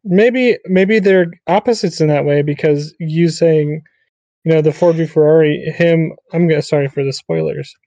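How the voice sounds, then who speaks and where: A man co-hosting a podcast in casual chat, speaking in a measured way with hesitant restarts. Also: fairly high pitch, warm tone, dry recording, dull audio. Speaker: podcast co-host.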